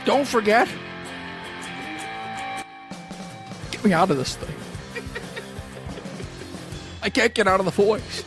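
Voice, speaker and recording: A man's voice: high voice, expressive, measured pace, over music. A man doing a comedic impression of a stammering, folksy old-time film leading man, drawling and pleading. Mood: indignant.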